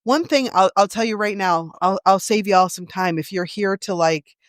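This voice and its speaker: A young adult woman co-hosting a podcast in casual chat, slangy and expressive, often laughing as she talks. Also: medium pitch, normal speed, no echo. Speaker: podcast co-host.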